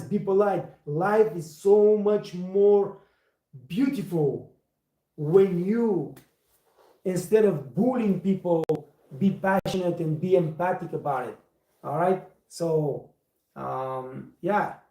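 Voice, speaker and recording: Guy on a live stream, mellow voice, kinda high, repeats himself for emphasis, echoey room. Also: measured pace. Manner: emphatic, repeats words for stress, non-native phrasing. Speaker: livestream host and waiter trainer. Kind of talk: casual livestream talk.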